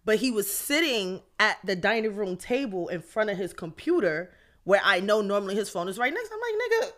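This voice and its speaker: A woman's voice: fairly high pitch, fairly quick. A woman co-hosting a podcast, casually telling a story with lots of swearing and quoted texts. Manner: animated, swearing, quotes her own texts. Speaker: podcast co-host.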